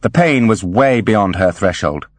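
Animated deep-ish male narrator. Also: a little slow, no room sound. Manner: animated, wry storytelling. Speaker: audiobook narrator. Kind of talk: scripted narration.

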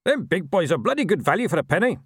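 A man voicing a tiny, nasty male gnome constable, gruff and cackling. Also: high voice, big pitch swings, fast talker, no echo, clean studio sound, voice pushed up, full character voice. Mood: gleeful.

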